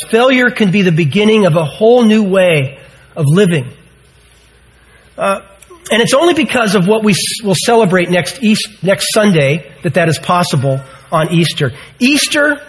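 A man's voice: high-pitched, rough recording. A man in his sixties preaching a sermon, earnest and emphatic, full of rhetorical questions. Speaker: pastor.

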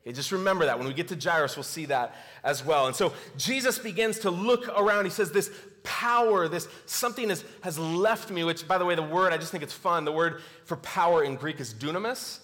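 A man preaching a sermon, telling a story and voicing the quoted lines in a quieter tone. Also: a little high, fast talker. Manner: storytelling, acts out scripture quotes with softer voice. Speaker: pastor. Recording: long hall reverb.

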